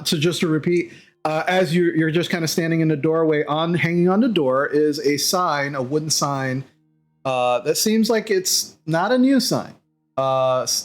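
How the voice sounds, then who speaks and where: A man narrating as game master of a tabletop game, rambling with fillers and restarts. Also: fairly high pitch. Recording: slightly dull mic, faint music behind.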